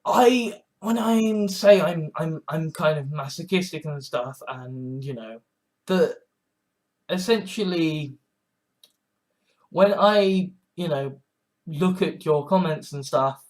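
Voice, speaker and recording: A man in his twenties in a rambling vlog monologue, halting and sardonic, with many restarts. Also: fairly high pitch, a little mellow. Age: 20s. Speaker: vlogger.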